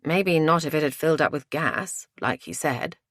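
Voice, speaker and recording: A woman's voice: sits low, normal speed, a bit bright, dry recording. A woman voicing a sardonic, grumbling middle-aged man in an audiobook. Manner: sardonic, dry.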